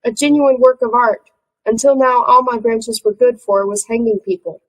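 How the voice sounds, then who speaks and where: A woman's voice: on the high side, fairly even intonation, normal speed, natural voice, low-quality recording. A woman voicing a small, emotional tree creature who frets and sobs easily, reading aloud from a book. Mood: weepy. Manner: fretful, prone to sighing and sobbing. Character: fussy little tree creature, emotional, fretful. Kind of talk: audiobook character reading.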